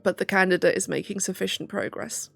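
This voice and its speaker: A woman's voice: mid-range voice, little pitch movement, a little fast, creaky, fairly bright tone, no room sound, studio quality. A young woman talking casually on a livestream, on the verge of tears, thinking aloud with nervous laughs. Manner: tearful self-talk with nervous laughs. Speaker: livestreamer and PhD student.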